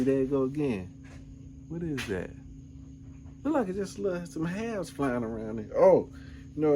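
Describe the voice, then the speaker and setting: A man's voice: medium pitch, a little mellow, slight background noise. Laid-back rambling man telling stories. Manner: laid-back, rambling, peppered with "man" and "you know what I'm saying". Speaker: vlogger. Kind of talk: casual storytelling.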